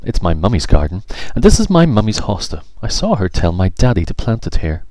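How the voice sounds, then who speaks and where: A man voicing a polite, earnest young girl in a storybook, speaking softly. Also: fairly low pitch, sing-song, brisk, no room sound. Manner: soft, earnest.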